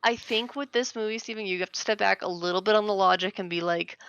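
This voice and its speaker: A woman co-hosting a casual movie podcast, chatty and quick to laugh. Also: medium pitch, a bit bright, smooth, no room sound, lo-fi sound. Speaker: podcast co-host.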